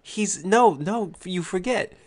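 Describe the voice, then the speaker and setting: A man hosting an uncensored podcast, talking casually in halting bursts with lots of swearing and restarts. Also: high voice, animated. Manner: halting, profane, many restarts. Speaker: podcast host.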